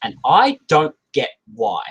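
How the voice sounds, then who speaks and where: Male co-host, husky voice, animated delivery, casual live chat. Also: mid-range voice, takes it slowly, muffled recording. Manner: animated, slips into silly character voices. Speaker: podcast co-host.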